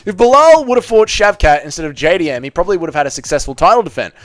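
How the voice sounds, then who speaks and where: A man's voice: high voice, very animated, very fast, fairly bright tone, no echo. An Australian man hosting a casual livestream, reading viewer comments aloud and bantering bluntly with plenty of swearing. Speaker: livestream host.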